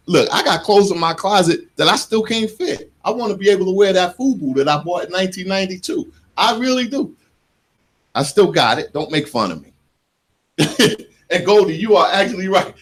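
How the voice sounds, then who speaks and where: A man in his forties, from the United States, hosting a radio show in a studio and telling stories in an animated, joking way, laughing at himself. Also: sits high, normal speed. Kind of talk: casual radio talk.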